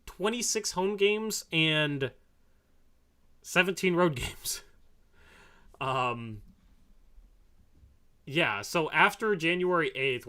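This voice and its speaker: A man in the middle of a loose postgame podcast chat, talking in a rambling, easygoing way. His voice sits at an ordinary middle pitch and often trails off softer toward the end of his thoughts. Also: smooth. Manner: rambling, laughs often, drifts soft and quiet. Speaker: podcast host.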